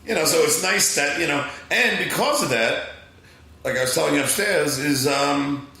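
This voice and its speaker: A middle-aged man with a Long Island accent tells a story with excitement, acting out voices and tripping over restarts. His voice has a gravelly edge and a bright, forceful tone. It rings out in a very echoey room. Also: on the high side, moderate pace. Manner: excitable, acts out voices, frequent fillers and restarts. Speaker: podcast guest. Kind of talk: animated storytelling.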